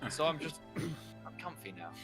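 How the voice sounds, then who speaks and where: A man's voice: a little high, faint music behind. A man hosting a game stream, chatting playfully with his players over a voice call from home. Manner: lively, playful, quick to laugh. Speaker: stream host and game master. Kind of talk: casual chat.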